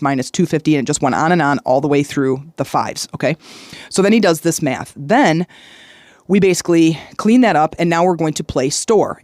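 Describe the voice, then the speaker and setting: A woman's voice: low voice, a little mellow, dry recording, clean studio sound. A woman hosting a solo podcast, telling a story in a chatty way and checking in with the listener as she goes. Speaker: podcast host.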